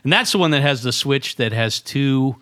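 A man's voice: mid-range voice, animated, moderate pace, a bit bright. Teasing male podcast co-host. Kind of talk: casual podcast chat.

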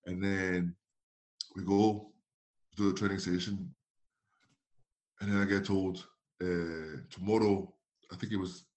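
A man's voice: low voice, takes it slowly, long pauses. A man, a former footballer, casually telling an anecdote and acting out the dialogue with laughs. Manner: animated, acts out dialogue with laughs.

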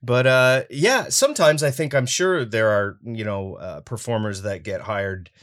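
A man's voice: mid-range voice, animated, a little slow, fairly bright tone. A man from Canada, a voice actor, talking casually in an interview with lots of fillers and easy laughs. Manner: chatty, frequent fillers and laughs. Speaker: voice actor guest.

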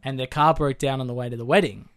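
A man's voice: medium pitch, fast talker, smooth. Chatty young man, voice worn thin. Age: 20s. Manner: chatty, laughs easily, tells stories. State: losing his voice. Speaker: podcast co-host. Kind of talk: casual chat.

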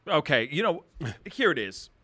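A man hosting a podcast, talking in an animated, emphatic way in casual chat. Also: fairly high pitch, normal speed. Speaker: podcast host.

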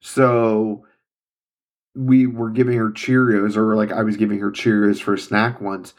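A man's voice: on the low side, flat delivery, unhurried. A young man and father chatting casually and with amusement about his toddler. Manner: amused, laughs while telling stories. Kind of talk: casual chat.

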